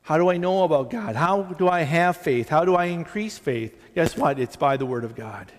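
Chatty pastor, higher voice, hall reverb. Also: male voice, lively intonation, normal speed. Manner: conversational, self-deprecating, many restarts and asides. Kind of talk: sermon. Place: church sanctuary.

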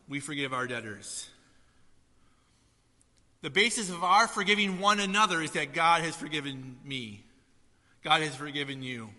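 A man preaching a sermon to a congregation, swinging between loud emphasis and soft asides. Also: a little high, moderate pace, pauses often, in a large hall. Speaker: pastor.

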